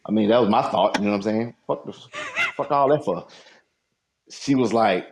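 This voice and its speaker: A man's voice: fairly low pitch, normal speed, a little mellow. A man hosting a raunchy casual chat, telling a story with laughs and exaggeration. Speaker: host.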